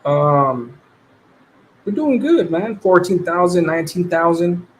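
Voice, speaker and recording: Slangy, high-voiced man on a livestream. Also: lively intonation, takes it slowly, slight background noise. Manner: laid-back slangy talk, swearing, greeting viewers. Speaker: livestream host. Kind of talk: casual livestream chat.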